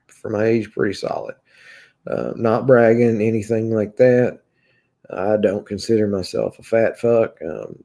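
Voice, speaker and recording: Gravelly, halting man with a Kentucky accent. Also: on the low side, mellow. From Kentucky, USA. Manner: halting, heavy with filler sounds and restarts. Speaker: livestream host reading chat. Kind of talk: casual livestream chat.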